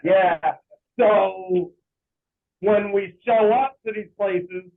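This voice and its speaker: A laid-back man trading jokes in casual chat, his voice pitched high for a man. He comes through a thin, tinny, phone-like line. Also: steady tone, very slow.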